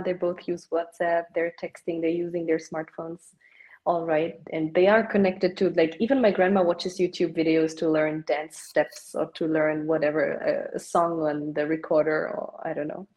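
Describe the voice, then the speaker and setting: A woman's voice: on the low side, steady tone, normal speed, a little mellow, poor audio. A young woman, chatting casually as a podcast guest and dropping "like" often. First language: German. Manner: chatty, peppers speech with "like". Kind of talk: casual chat.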